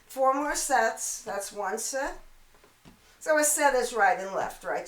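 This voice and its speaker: A woman teaching a pilates mat class, counting reps and cueing breath with a slightly hoarse voice and chatty asides. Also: a little high, expressive, slow, roomy sound, low-quality recording. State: throat-clearing, hoarse from allergies. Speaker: pilates instructor. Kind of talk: guided workout instruction.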